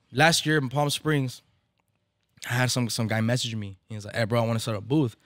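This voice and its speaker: A man's voice: mid-range voice, steady tone, fairly quick, fairly bright tone, no room sound, clean studio sound. A man, a barber event organizer, telling a story in casual, profane slang and slipping into Spanish now and then. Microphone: podcast microphone.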